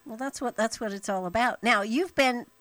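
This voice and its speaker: Bright-voiced encouraging woman interviewer. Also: on the high side, moderate pace, no echo. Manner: encouraging, asks leading questions with short affirmations. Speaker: interviewer, host. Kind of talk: casual interview chat.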